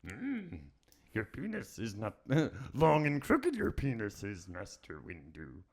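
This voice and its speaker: A man voicing a pompous, crude villain in a mock-formal, slow delivery. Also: mid-range voice, huge pitch swings, slightly rough, exaggerated voice. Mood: mock-grand.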